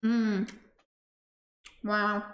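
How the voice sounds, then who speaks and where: A woman hosts a casual cooking livestream in her home kitchen, chatting with viewers in a bubbly manner as she cooks. Her mid-range voice is completely flat, with drawn-out words. The recording is muffled, with kitchen echo and faint background noise.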